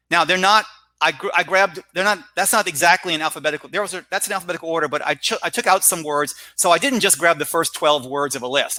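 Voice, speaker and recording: Casting note: middle-aged male ESL teacher, bright, slightly raised voice, energetic presenter, dry close mic. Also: a little high, no room sound. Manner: energetic, explanatory, talks to the audience with "right?" and "all right?". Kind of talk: recorded conference talk on vocabulary teaching.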